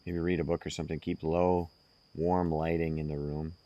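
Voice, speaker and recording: A man speaking slowly and earnestly, giving direct self-help advice to the listener. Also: rumbling low, little pitch movement, mellow, highs cut off. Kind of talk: casual advice monologue.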